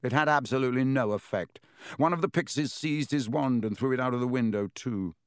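A man narrating a story aloud in a lively, expressive reading style. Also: mid-range voice, brisk, clean tone, no room sound, studio quality. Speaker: audiobook narrator. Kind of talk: scripted narration.

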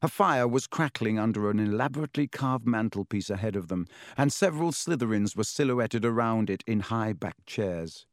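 Man narrating an audiobook, measured and dry. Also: fairly low pitch, dry recording.

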